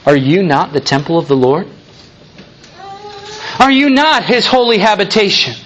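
A male preacher delivers a sermon in a high, animated voice that swoops up and down. He leans hard on rhetorical questions and builds to fervent, emphatic peaks. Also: slow pace, pauses often, a little hiss or hum. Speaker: pastor.

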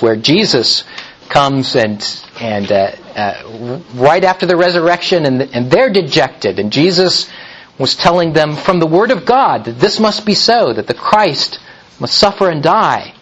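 A man preaching a sermon in an emphatic, deliberate way, often restarting his phrases. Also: medium pitch, lively intonation, a bit bright, lo-fi sound.

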